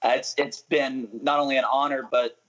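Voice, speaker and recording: A young man talks casually as an interview guest, restarting his sentences and laughing now and then. His voice sits at a middle pitch. The audio is a little muffled. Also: little pitch movement, normal speed, fairly bright tone. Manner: chatty, self-interrupting, laughs often. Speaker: musician guest.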